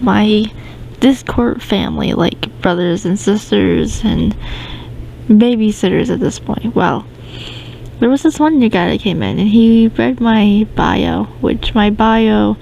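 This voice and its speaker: A woman's voice: medium pitch, gravelly, darkish tone, slight background noise, poor audio. A woman hosting a casual storytime podcast, rambling through the tale with many ums and restarts. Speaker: podcast host.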